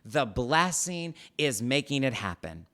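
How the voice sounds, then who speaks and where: A man giving an online sermon, slow and emphatic, repeating his key phrases. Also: mid-range voice, sing-song, sharp tone. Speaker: preacher and faith teacher.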